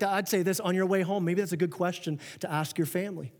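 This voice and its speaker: A man preaching a sermon as pastor, earnest and animated, often restarting his sentences and acting out quoted remarks. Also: high-pitched, fast, hardly any pauses. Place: church auditorium. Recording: long reverb of a church hall.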